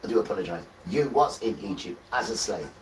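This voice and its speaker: A man preaching on a livestream, repeating himself, tagging "right?" onto his points and swelling loud when he reads scripture. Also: on the low side, expressive, fairly quick, a little hiss or hum. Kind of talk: impassioned religious livestream preaching. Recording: roomy echo, distant from the mic, faint background ambience.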